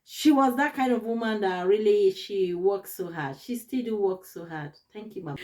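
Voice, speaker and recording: A woman's voice: mid-range voice, sing-song, moderate pace, a little mellow. A young adult woman vlogger telling a personal story to her viewers in a casual way, laughing often and repeating words for emphasis. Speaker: YouTube vlogger.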